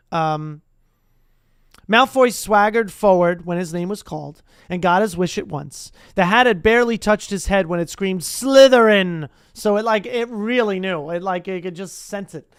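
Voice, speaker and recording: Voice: medium pitch, smooth, no echo, studio quality. A streamer reading a book aloud to a live chat, stumbling and breaking off for casual asides. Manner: chatty asides, stumbles and restarts.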